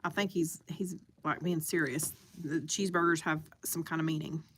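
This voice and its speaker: A woman's voice: low-pitched, steady tone, normal speed, slight background noise. A woman hosting a live stream, chatting casually and eating as she talks.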